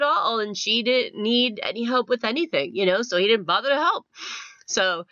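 A woman's voice: fairly high pitch, animated, moderate pace, dry recording. A woman hosting an interview, affirming her guest and telling stories in a casual way. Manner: warm affirming, storytelling. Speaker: podcast host. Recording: dry, dull lo-fi audio.

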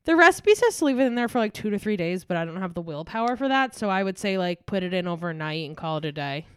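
A young woman hosts a casual podcast chat, giggling often between lines. Her voice is smooth and clear, recorded dry and close with no room sound. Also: fairly low pitch, sing-song, fast talker, no echo. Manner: giggly, chatty, reads recipes casually. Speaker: podcast host.

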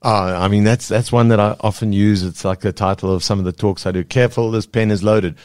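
A South African man, a cartoonist guest in a casual interview, speaking earnestly and pausing to search for words. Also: on the low side, steady tone, darkish tone, no room sound, studio quality.

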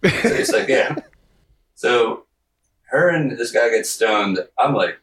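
A man's voice: medium pitch, sing-song, slow pace, a bit bright. A man as a podcast guest telling a long story in casual chat, full of fillers, and acting out what people said. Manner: rambling, filler-heavy, acts out quotes. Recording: roomy, distant mic.

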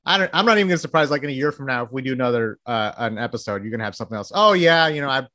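A man hosts a podcast with eager enthusiasm, stringing together long, winding questions for his guest. His pitch sits in an ordinary middle range, and the recording is dry and close. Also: racing, pushed and bright, no echo. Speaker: podcast host. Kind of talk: casual interview chat.

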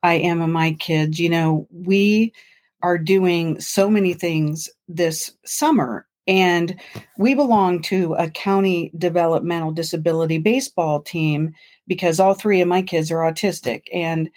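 A woman's voice: lowish voice, a little slow. A woman co-hosting a podcast, chatting casually and telling stories with enthusiasm. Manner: enthusiastic, animated storyteller. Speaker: podcast co-host.

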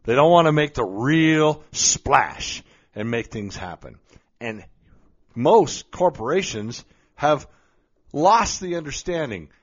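Speaking slowly but with animation, a man with a fairly high voice delivers a motivational storytelling monologue. He is blunt and emphatic and curses mildly now and then, and the lo-fi audio sounds slightly dull.

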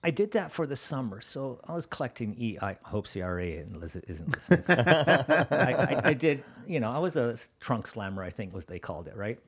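A man's voice: medium pitch, very animated, fairly quick, husky. A man in his forties or fifties from Canada, telling his story as a podcast guest in a casual, profane way and acting out other people. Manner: swears freely, acts out quoted people, laughs often. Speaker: guest, contractor.

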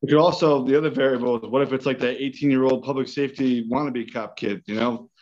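A man's voice: mid-range voice, fairly even intonation, fast talker, a little mellow, dull audio. A man who is a podcast guest, talking in a hesitant, meandering way over a call-in microphone. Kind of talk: casual chat.

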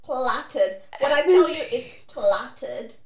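A woman's voice: high voice, lively intonation, takes it slowly, roomy sound, background noise. A young woman hosting a podcast, telling an embarrassing story candidly and crudely, laughing through tears. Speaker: podcast co-host. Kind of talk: casual storytelling.

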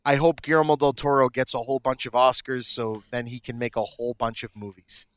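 A young man co-hosting a casual podcast chat, excitable and swearing, often restarting his sentences. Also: mid-range voice, a little fast, clean tone, dry recording. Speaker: podcast co-host.

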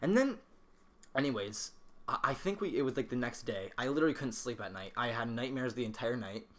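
A young man co-hosting a podcast, telling a story in an animated way, swearing freely and laughing as he talks. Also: mid-range voice, fairly quick. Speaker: podcast co-host.

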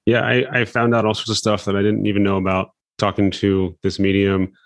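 A man's voice: fairly low pitch, level tone, brisk, no room sound. A man hosting an interview, asking casual, curious questions.

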